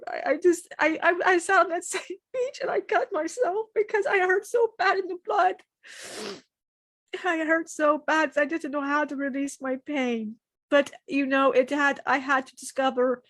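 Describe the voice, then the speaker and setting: High-voiced woman channeling a message. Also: no room sound. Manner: emotional, halting, with many restarts and repetitions. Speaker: spirit channeler.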